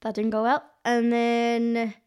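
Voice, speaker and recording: A woman's voice: fairly high pitch, completely flat delivery, takes it slowly, darkish tone, clean tone. A woman with a Dublin accent, a guest on a podcast, telling chatty, self-mocking stories with plenty of giggles. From Ireland. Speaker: guest, craft blogger. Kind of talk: casual podcast chat.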